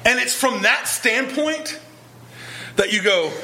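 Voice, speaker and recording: A man's voice: very high-pitched, lively intonation, slow pace, creaky, pushed and bright, a little hiss or hum. A male pastor preaching a sermon, earnest and emphatic, pressing his point with repeated rhetorical questions.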